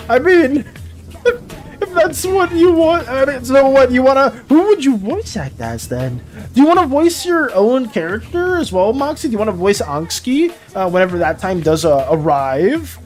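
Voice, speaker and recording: Animated streamer with a lively voice. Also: mid-range voice. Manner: animated, rambling, quick to laugh. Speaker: streamer and game master. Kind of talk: casual live-stream chat.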